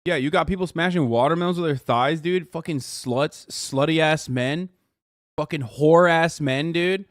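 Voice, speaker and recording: Man, streamer host, high voice, exasperated, swearing, animated, dry close mic. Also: unhurried, dry recording. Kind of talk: casual live-stream reaction commentary.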